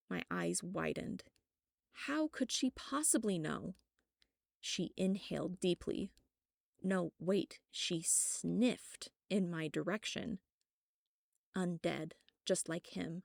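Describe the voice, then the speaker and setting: A woman reads first-person fiction aloud in a measured, even manner. Her voice is low and gravelly. The recording is close and dry. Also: no echo. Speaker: audiobook narrator.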